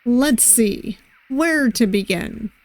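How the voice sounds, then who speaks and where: A woman voicing a charming, flirty male pirate sailing master in a visual novel, with a gentle, reassuring manner and a loose attempt at a pirate accent. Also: on the high side, expressive, takes it slowly, dry recording.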